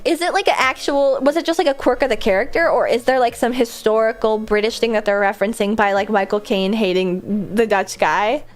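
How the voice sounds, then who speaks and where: A woman streamer chatting casually with her viewers, giggly and self-mocking, with quick asides. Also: a little high.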